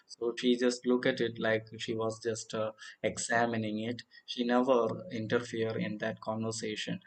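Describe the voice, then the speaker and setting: Flat-voiced man teaching an online English lesson. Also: mid-range voice, poor audio. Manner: reads a passage, then explains it slowly with many uh fillers. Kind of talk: online literature lesson, reading and explaining.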